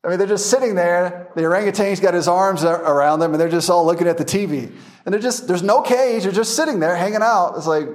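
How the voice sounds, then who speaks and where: A man's voice: high voice, fast. A man teaching a verse-by-verse Bible class, telling funny stories with frequent laughter. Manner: laughing storyteller, animated anecdotes.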